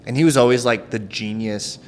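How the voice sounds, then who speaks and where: A young man co-hosting a podcast, chatting casually in an earnest, halting way. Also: medium pitch, a little mellow, slight background noise. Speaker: podcast co-host. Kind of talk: casual chat.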